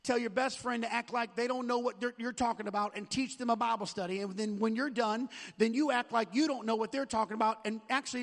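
High-pitched preacher guy, keeps repeating himself, long echo in a church. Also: steady tone, quick pace, few pauses, fairly bright tone. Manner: repeats words and restarts, urging the congregation. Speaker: pastor. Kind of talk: sermon with prayer call. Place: church sanctuary.

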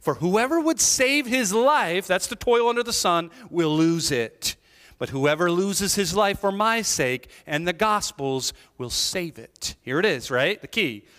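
A male pastor preaching a sermon in a church, conversational and animated, with jokes and asides to the congregation. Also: high voice, measured pace, big-room sound. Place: church sanctuary.

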